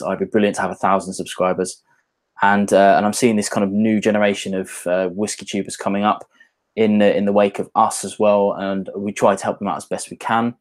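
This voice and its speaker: Chatty British man, low voice. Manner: chatty, rambling, reads viewer comments aloud. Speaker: whisky channel host. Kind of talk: casual livestream chat.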